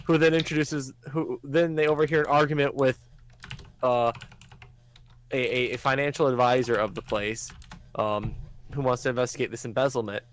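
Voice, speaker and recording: A man's voice: medium pitch, fairly even intonation, moderate pace. A man co-hosting a podcast, recapping an anime episode in a rambling, casual way, acting out the characters' lines. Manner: rambling, lots of "um" and acted-out quotes. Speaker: podcast co-host.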